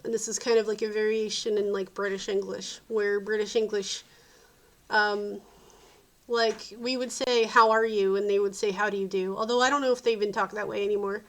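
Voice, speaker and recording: A woman's voice: medium pitch, little pitch movement, moderate pace. A woman from the South Jersey and Philadelphia area in a rambling, opinionated vlog monologue, often calling things dumb. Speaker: vlogger.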